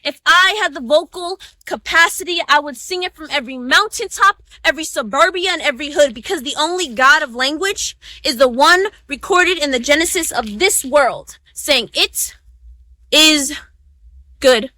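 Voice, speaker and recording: A woman's voice: sits high, lively intonation, moderate pace, few pauses, sharp tone, no echo. A young woman performing a spoken-word oratory speech, reciting with rhythmic, emphatic stresses. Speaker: student orator.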